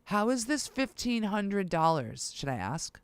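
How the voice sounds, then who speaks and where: An excitable music producer chatting to viewers and thinking aloud, with a smooth, resonant voice. The pitch swings widely as they react, and the sound is close and dry. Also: measured pace, no room sound. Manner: excitable, talks to self while browsing listings. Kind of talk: casual vlog talk to camera.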